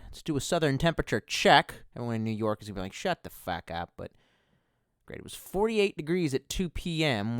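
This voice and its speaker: A man's voice: fairly high pitch, smooth, no echo, studio quality. A man chatting casually and profanely on a livestream, rambling from one thought to the next with self-mocking asides. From United States. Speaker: streamer.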